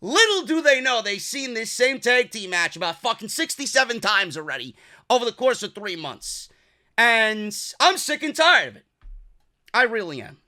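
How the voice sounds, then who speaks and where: A man's voice: very high voice, sharp tone. A young man from New York ranting sarcastically and profanely while reviewing a wrestling show.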